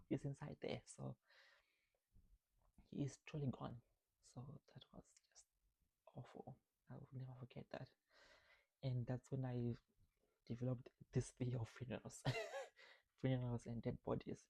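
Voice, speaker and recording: Guy vlogging about his own life, low-key and reflective, kinda gravelly, flat delivery. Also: moderate pace, pauses often, poor audio. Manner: reflective, conversational, asks "right?" often. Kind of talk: personal storytelling about grief.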